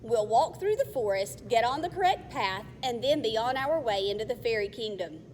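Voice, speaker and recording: A woman's voice: on the high side, animated, normal speed, darkish tone, lightly acted. A woman voicing a proud, bossy young girl twin, prim and insistent, in a storybook reading. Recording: faint long reverb, faint hiss.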